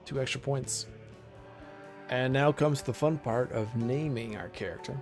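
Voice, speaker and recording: A man's voice: mid-range voice, a little slow, over music. A man streaming a video game, chatting casually with his viewers as he picks options. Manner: relaxed, chatty, talks to chat while picking options. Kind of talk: casual game livestream commentary.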